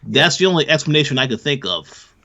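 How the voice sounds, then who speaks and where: A man co-hosting a podcast, answering in hesitant, measured replies with fillers. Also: mid-range voice, expressive, pushed and bright. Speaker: podcast co-host. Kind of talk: casual discussion. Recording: dull lo-fi sound.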